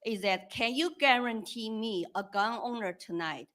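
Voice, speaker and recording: A woman's voice: fairly high pitch, normal speed, fairly bright tone. Woman asking a pointed question. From China. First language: Chinese. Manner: direct, pointed. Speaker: audience questioner.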